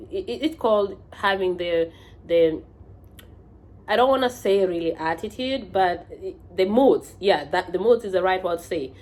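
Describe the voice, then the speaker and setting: Kenyan woman vlogging advice, lowish voice, chatty w lots of uh and um. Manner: conversational, with frequent fillers and restarts. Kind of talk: casual advice vlog.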